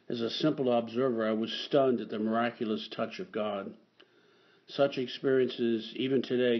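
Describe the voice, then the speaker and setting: A man preaching a homily in a slow, measured way, sometimes repeating a word to get it right. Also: mid-range voice, highs cut off. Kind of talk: sermon.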